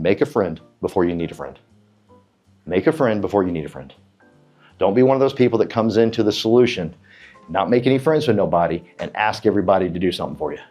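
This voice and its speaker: A middle-aged man giving a motivational talk to real estate agents, quizzing the crowd and telling stories. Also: fairly low pitch. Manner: animated, asks the crowd, tells stories with acted quotes. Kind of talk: motivational presentation to a live room.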